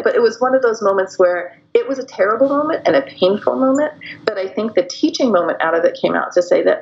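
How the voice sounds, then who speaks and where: A woman's voice: medium pitch, fairly quick, lo-fi sound. A middle-aged woman from Iran, a podcast guest telling personal stories candidly and acting out what others said. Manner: candid storytelling, acts out quoted voices. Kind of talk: podcast interview.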